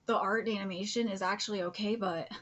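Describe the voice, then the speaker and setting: A woman streaming a live manga reaction, gushing, cursing freely and often dropping into breathy whispers. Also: mid-range voice, fairly even intonation, fast talker, a bit bright. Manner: gushing, swears a lot, drops into whispers.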